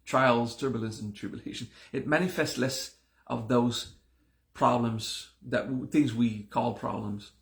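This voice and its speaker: A man's voice: medium pitch, steady tone, a little slow, gravelly. A man teaching a spiritual class in a conversational way, repeating himself and restarting his sentences. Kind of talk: live-streamed class talk.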